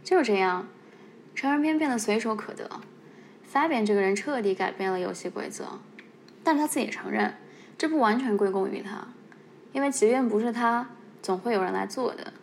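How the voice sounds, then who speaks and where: Woman, podcast host, conversational explaining, playful asides, mid pitch, faint hiss. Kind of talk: casual podcast narration.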